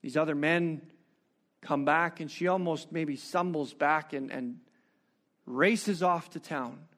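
A preacher delivering a sermon, retelling a story with animated rhetorical questions. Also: male voice, a little high, takes it slowly.

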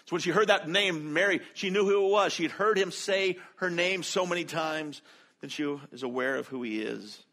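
Earnest preaching man, slightly high voice. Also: moderate pace, sharp tone. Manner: earnest, conversational preaching with dramatic quoted lines. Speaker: pastor. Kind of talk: sermon.

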